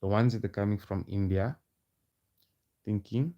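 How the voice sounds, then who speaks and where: A man's voice: fairly low pitch, measured pace, lo-fi sound. A man delivering a heated, confrontational rant to camera, firing off challenging rhetorical questions. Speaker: vlogger.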